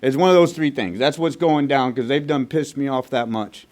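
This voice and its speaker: A man from Texas telling his recovery story to a meeting in a blunt, profane, fast-moving way. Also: mid-range voice, a little mellow. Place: recovery group meeting room.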